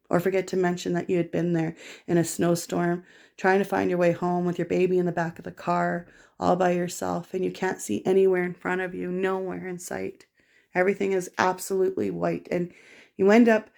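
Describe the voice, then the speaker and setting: Gravelly woman telling her story. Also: lowish voice, a little mellow. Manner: rambling, raw and halting, with restarts. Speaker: vlogger. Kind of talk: emotional personal monologue.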